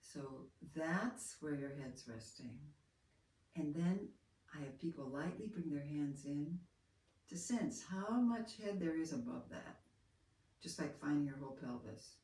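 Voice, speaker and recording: A woman teaching a hands-on movement lesson, talking in a gentle, soft-spoken, unhurried way. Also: low voice, animated. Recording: roomy, from far off, faint room noise.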